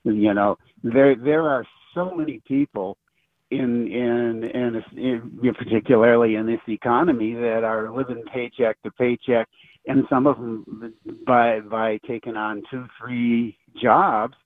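A man's voice: mid-range voice, fairly even intonation, no room sound. An older man calls in over a thin, phone-like line, his voice dry and close. He rants with sarcasm, stumbling through restart after restart as he makes his point. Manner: halting, many restarts, sarcastic ranting. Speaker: caller. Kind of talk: call-in radio talk.

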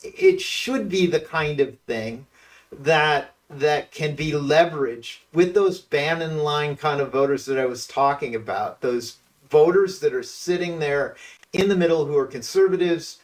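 A man calling in as a political consultant guest on a talk radio show, sounding set back from the mic. His voice sits a bit high, and he hesitates with plenty of ums. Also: expressive, a little slow, recorded from a distance, low-quality recording. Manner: distracted, hesitant, lots of ums. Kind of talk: casual political radio chat.

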